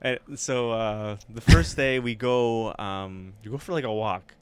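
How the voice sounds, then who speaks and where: A man's voice: on the low side, measured pace, clean tone. A man, a comedian and podcast host, chatting casually, rambling and laughing often, swearing freely. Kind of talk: casual chat.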